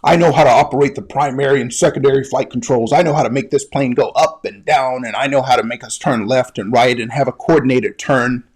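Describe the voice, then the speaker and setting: A man's voice: medium pitch, brisk, few pauses, a little mellow, husky, close to an everyday voice. A man playing a bluntly honest male airline captain who speaks in a casual, breezy way. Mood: breezy candid.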